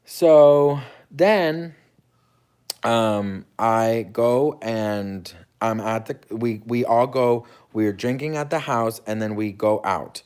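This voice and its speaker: An American host tells a dramatic personal story in casual conversation, acting out quoted lines and swearing freely. His mid-range voice is smooth and slow-paced, though his retelling is animated.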